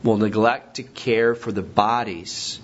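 A man's voice: lowish voice, steady tone, measured pace. A man preaching a sermon as pastor, emphatic and rising to stress his points. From Washington state. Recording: dull lo-fi recording.

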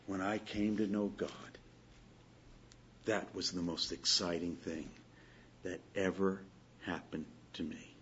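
A man doing a calm Southern-drawling gentleman. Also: low voice, slow, pauses often, muffled recording, a little hiss or hum, pitched below the performer's own voice. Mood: earnest. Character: plain-spoken Southern gentleman, calm and devout.

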